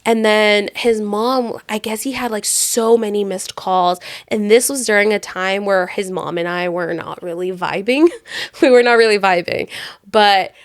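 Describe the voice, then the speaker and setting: A woman co-hosting a podcast, telling a long personal story in a loose, animated way, full of filler words. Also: mid-range voice, unhurried. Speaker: podcast co-host. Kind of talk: casual chat storytelling.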